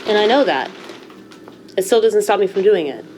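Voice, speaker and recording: A woman's voice: medium pitch, expressive, normal speed, noisy background. A woman vlogger talking candidly to the camera, blunt, a little profane, emotional and self-mocking. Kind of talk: candid casual talk to camera.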